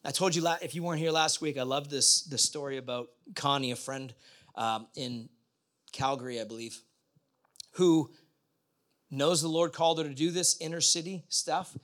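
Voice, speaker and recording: A man's voice: a little high, steady tone, normal speed, fairly bright tone. A middle-aged man preaching a sermon in a conversational way, often putting questions to the congregation. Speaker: pastor.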